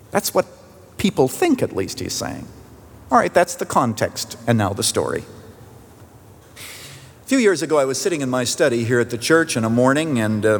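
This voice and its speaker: A man preaching a sermon, mid-pitched and unhurried, who tells stories and lifts his voice when he quotes other people. The sound carries a long reverb from a large church hall. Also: breathy edge. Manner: storytelling, quoting voices with rising pitch. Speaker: pastor. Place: church sanctuary.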